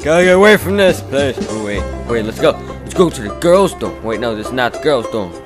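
A man's voice: mid-range voice, very animated, brisk, over music. A young man hosting a gaming video, rambling and stammering as he corrects himself. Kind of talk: gameplay commentary.

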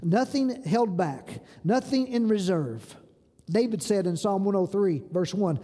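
A high-pitched man delivers an earnest sermon from a pulpit, pressing his listeners with rhetorical questions. His tone is mellow rather than bright, and his voice rings out with the long reverb of a church sanctuary. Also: moderate pace, husky. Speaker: pastor.

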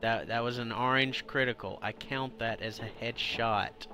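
A man's voice: medium pitch, fairly even intonation, normal speed, bright, forceful tone, a little hiss or hum. A man giving gameplay commentary, exasperated and grumbling with mock-formal asides, his throat sore and coughing. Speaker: gamer.

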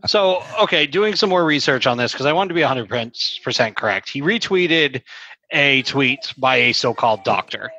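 A man's voice: mid-range voice, animated, moderate pace, bright, forceful tone, no room sound, muffled recording. A man co-hosting a podcast, giving blunt, profane opinions in casual chat. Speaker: podcast co-host.

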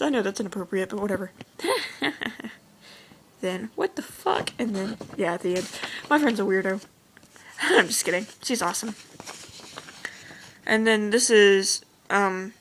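A woman's voice: mid-range voice, moderate pace, long pauses, a bit bright, a little hiss or hum, poor audio. A teenage girl chatting casually as she shows her own drawings, gushing and rambling with lots of "like" and "oh my gosh". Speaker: vlogger showing her drawings. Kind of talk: casual chat.

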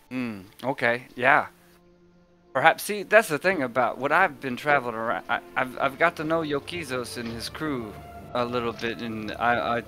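A man playing a character in a tabletop game, talking in a halting way with many fillers. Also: medium pitch, bright, forceful tone. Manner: halting, filler-heavy, laughing. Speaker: player. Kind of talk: tabletop role-play, in and out of character.

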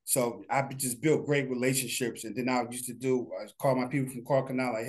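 A middle-aged man from New Jersey, a studio founder telling his story in a relaxed, rambling way with lots of fillers. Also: mid-range voice, brisk, few pauses. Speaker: guest, animation studio founder. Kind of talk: casual interview talk.

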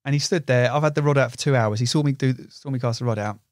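Young man, excitable storyteller. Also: medium pitch, fast talker, dry recording, studio quality. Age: young adult. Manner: excitable storyteller, swears, uses "you know" a lot. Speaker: podcast guest, carp angler. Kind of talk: casual chat.

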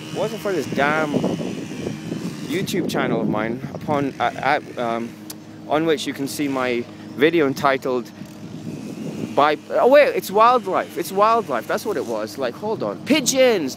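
Man, rambling profane rant, lively swooping pitch, outdoor city street, loud traffic noise. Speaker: vlogger.

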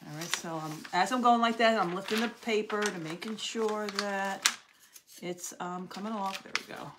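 Over some background noise, a craft channel host with a mid-range voice talks at a normal pace. She keeps up friendly, easygoing chatter with her live audience while demonstrating her work.

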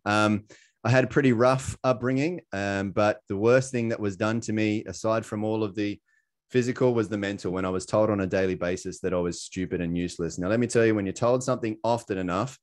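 A man's voice: fairly low pitch, fairly even intonation, fairly quick. A man with an Australian accent giving a casual, chatty presentation over a video call, with many fillers and little self-deprecating laughs. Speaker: presenter sharing his story.

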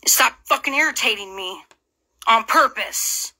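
A woman's voice: fairly high pitch, lively intonation, a little slow, sharp tone. A woman from Illinois delivering an angry, profane, confrontational rant straight to her audience, full of taunting rhetorical questions. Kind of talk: angry direct-to-camera rant.

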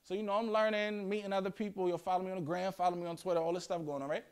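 A young man with a New York accent talks to a room of students in animated, slangy storytelling. His voice sits fairly high for a man. He keeps the tone playful and conversational. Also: very fast, smooth. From Yonkers, New York. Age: young adult. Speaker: guest speaker. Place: school classroom.

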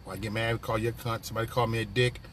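A man's voice: fairly low pitch, little pitch movement, racing, a bit bright, a little hiss or hum. A man hosting a casual live stream from his phone, talking loosely in profane, rambling banter with viewers. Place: on a work break, vehicle sounds nearby.

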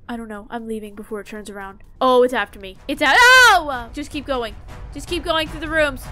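A young woman giving excitable let's-play commentary, shrieking and yelping when startled and whispering when tense. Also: sits high, fairly quick, slight background noise. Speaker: gaming YouTuber. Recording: game music behind voice.

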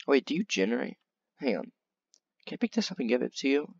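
A man giving casual, excitable gameplay commentary, chatting along and talking to the animals on screen. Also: medium pitch, brisk, creaky, husky, no echo, lo-fi sound. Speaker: gaming video creator.

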